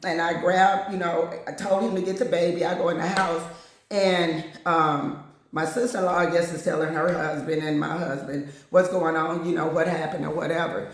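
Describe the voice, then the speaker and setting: A woman's voice: lowish voice, flat delivery, moderate pace. A woman host telling a personal story in a candid, blunt, casual way, acting out what other people said. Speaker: channel host. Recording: very echoey room.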